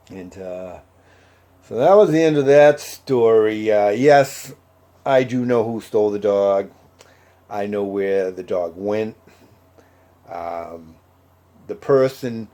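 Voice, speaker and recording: A man's voice: lowish voice, mellow. A man telling a personal story in a casual, conversational way, acting out the other people's words with lots of fillers. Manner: conversational, many fillers and quoted dialogue. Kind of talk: casual anecdote.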